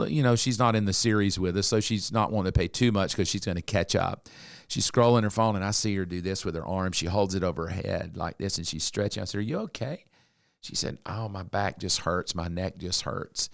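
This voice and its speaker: A man's voice: deep voice, no room sound, clean studio sound. A man, co-hosting a podcast and telling a story, acting out the lines of the people in it. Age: 60s. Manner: animated storyteller, acts out quotes. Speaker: podcast co-host. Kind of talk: casual storytelling chat.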